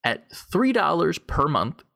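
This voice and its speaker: A man's voice: on the high side, big pitch swings, measured pace, creaky, bright, forceful tone. A young man co-hosting a podcast in casual chat. He talks in a laid-back, profane way full of "like" fillers, into a desktop USB mic on a call. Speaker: podcast co-host. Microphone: desktop USB condenser mic on a call.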